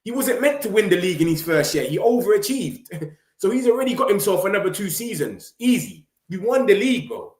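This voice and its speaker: A young man, chatting casually and excitedly to his viewers in street slang, running his words together. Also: sits high. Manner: excitable, slangy, rapid run-on talk. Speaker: football vlogger streaming to viewers. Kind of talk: casual live-stream chat. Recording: roomy echo.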